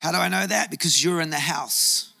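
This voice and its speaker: A man's voice: fairly high pitch, fairly quick, creaky, sharp tone. A man preaching a sermon, telling a personal story and rising to emphatic bursts. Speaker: pastor.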